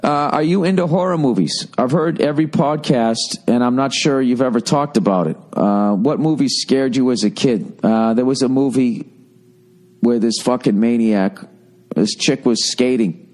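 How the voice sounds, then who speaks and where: Man, podcast host, sarcastic, profane, rambling, mid-pitched voice. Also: moderate pace, darkish tone. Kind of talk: casual comedic rant, reading listener mail.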